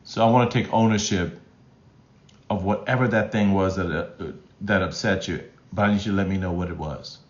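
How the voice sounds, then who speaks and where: A man hosts a live stream as a relationship coach, reading chat comments and speaking emphatically, repeating his key phrases and often restarting sentences. His voice is low, steady in tone, and fairly quick. The sound is roomy and slightly dull.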